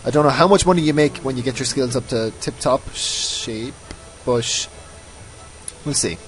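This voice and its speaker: A man's voice: medium pitch, moderate pace, faint music behind, poor audio. A man giving casual, rambling commentary over his own gameplay, often mocking himself. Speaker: let's play host.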